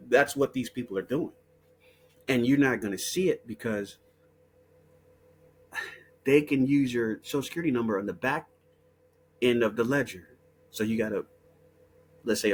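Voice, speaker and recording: Man, heated rant, cussing, stumbles and repeats words, mid-pitched voice. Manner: heated and profane, stumbling restarts. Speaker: video host. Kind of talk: casual monologue.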